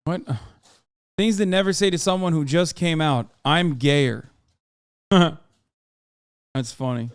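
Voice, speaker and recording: A man's voice: on the high side, takes it slowly, pauses often, clear, resonant tone, no echo, clean studio sound. A man hosting a stream, chatting casually and joking with many fillers. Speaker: streamer and host. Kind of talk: casual chat reacting on stream.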